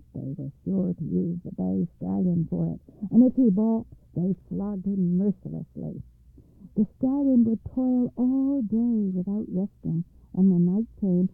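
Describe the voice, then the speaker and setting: A woman narrates a fairy tale in a measured, expressive way, her voice gravelly with a husky edge. The sound is dry, with no room around it, and tinny like an old phone line. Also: mid-range voice, dry recording. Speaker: radio storyteller and host.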